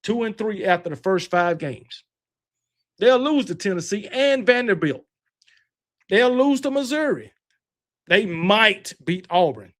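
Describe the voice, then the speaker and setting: A man's voice: high voice, lively intonation, measured pace, pauses often. A man hosting a livestream, chatting casually with viewers, rambling and correcting himself, full of boastful sports banter. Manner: rambling, self-correcting, talks back to chat. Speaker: livestream host. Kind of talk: casual chat with live viewers.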